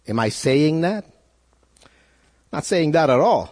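A man's voice: fairly high pitch, big pitch swings, slow, pauses often, a little mellow. A man preaching a sermon as pastor, earnest and full of rhetorical questions, often repeating words as he builds a point. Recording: long reverb in a hall.

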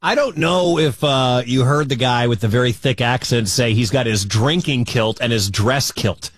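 A talkative American man hosts a sports radio show from a dead, dry studio. He rambles, restarts his sentences, and gets animated when he tells a story. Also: mid-range voice, moderate pace, no room sound. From United States. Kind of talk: casual sports talk radio.

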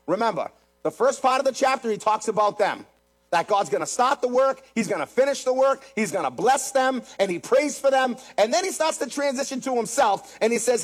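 A man's voice: very high voice, expressive, fairly quick, soft background music. A man preaching a sermon, emphatic and repetitive, speaking straight to his congregation. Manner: emphatic, repeats phrases, addresses the congregation directly. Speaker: pastor.

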